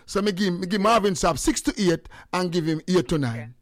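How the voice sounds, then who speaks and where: High-voiced Jamaican man hosting call-in radio. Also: expressive, brisk. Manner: loud, joking, switches into patois. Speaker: radio show host.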